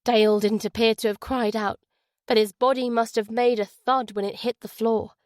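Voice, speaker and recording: A woman reading a thriller audiobook in a measured, suspenseful way. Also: fairly high pitch, fairly even intonation, no echo, clean studio sound. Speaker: audiobook narrator. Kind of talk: scripted audiobook narration.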